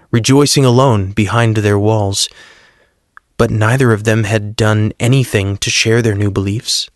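A man reading a story aloud in a measured, earnest narration. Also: on the low side, dry recording, studio quality. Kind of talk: scripted narration.

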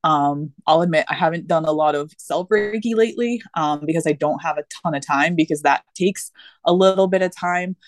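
A woman's voice: deep voice, a little fast, no room sound. Earnest, rambling woman guest. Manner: earnest, rambling, many fillers and restarts. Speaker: podcast guest. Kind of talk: casual conversation.

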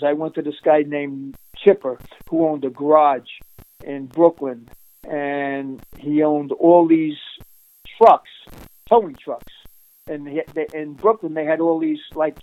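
A man being interviewed, telling an animated, streetwise story with frequent laughs and restarts. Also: a little high, no room sound, poor audio. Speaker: interviewee recounting undercover work.

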